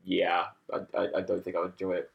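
A man's voice: low-pitched, monotone, quick pace, vocal fry, lo-fi sound. A man hosting a casual chat, rambling, swearing and laughing often as he asks questions.

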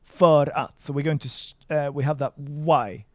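A man's voice: fairly high pitch, steady tone, moderate pace, no echo. A man from Sweden tutoring Chinese in a casual lesson, encouraging and playful, praising his student often. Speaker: language tutor.

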